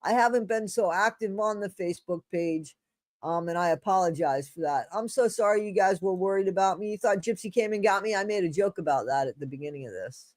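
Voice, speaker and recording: On a streaming setup mic with no room sound, a livestream host speaks in a mid-range female voice at a fairly quick clip. She reads from a blog and talks back to her live chat in a casual, chatty, apologetic way.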